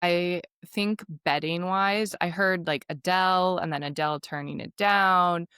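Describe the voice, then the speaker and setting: A young woman with a notably low voice chats as a podcast co-host, upbeat and quick with asides. The sound is dry and close, with no room around it. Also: bright, forceful tone, clean tone, no echo. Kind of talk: casual chat.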